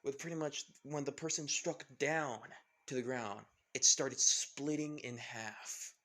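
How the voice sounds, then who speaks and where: A man's voice: medium pitch, a little slow, bright, forceful tone. A young man hosting his channel, narrating a fan-made story in a casual, rambling way full of fillers. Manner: rambling, many fillers, restarts.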